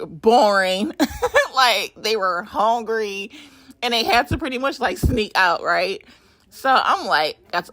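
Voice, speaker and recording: Bright-toned, chatty middle-aged woman, casual home vlog voiceover, close and dry. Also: medium pitch, dry recording. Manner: chatty, animated, laughing, swearing casually. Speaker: nail art creator. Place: home game room.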